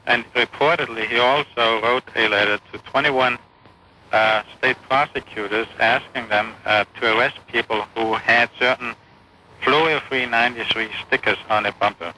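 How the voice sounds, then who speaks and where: A man's voice: mid-range voice, steady tone, normal speed, bright, forceful tone. Hesitant rambling male radio caller. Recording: hissy AM radio phone call.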